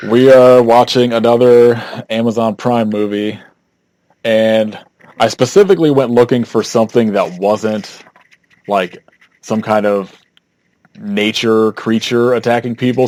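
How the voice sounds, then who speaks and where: A man's voice: lowish voice, fairly even intonation, unhurried, a little mellow. Laughing, rambling male podcast host. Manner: laughs often, rambling with fillers. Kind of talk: casual chat.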